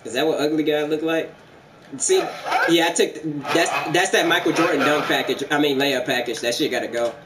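High-voiced man trash-talking over loud noise. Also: fairly even intonation, brisk. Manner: profane, mocking trash talk. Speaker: gamer playing online basketball game. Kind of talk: casual gaming commentary with trash talk.

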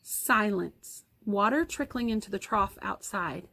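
A woman's voice: mid-range voice, measured pace, vocal fry. Woman teacher reading a chapter book aloud. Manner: expressive read-aloud with asides to the class.

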